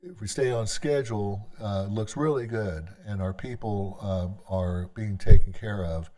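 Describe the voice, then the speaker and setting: A tribal government leader with a warm, lowish voice addresses a legislative session without a script. He speaks haltingly and conversationally, often starting his sentences over.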